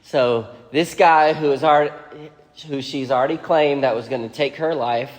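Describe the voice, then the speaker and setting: A man teaching a Bible lesson, retelling the story casually and acting out the characters' lines with lively energy. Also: mid-range voice, normal speed, long reverb tail.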